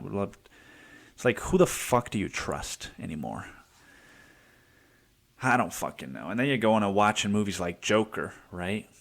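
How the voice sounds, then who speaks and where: A man hosting a solo podcast, talking in a rambling, profane, self-interrupting way. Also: lowish voice. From United States. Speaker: podcast host. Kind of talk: casual solo podcast monologue.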